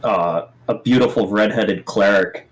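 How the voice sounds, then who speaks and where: A man narrating a tabletop game as game master, halting and repeating words as he describes the scene. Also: lowish voice, low-quality recording.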